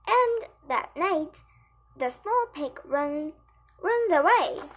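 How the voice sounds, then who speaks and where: A woman reading a children's story aloud, halting, with frequent slips and self-corrections. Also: very high-pitched, animated, fairly bright tone.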